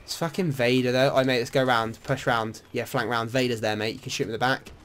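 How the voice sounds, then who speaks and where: A young man talks through an online shooter match in easy, unscripted commentary. He is excitable and swears freely, mixing frustration with laughing banter aimed at his teammate. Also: mid-range voice, fast talker, slight background noise. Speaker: gamer. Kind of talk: casual gaming commentary.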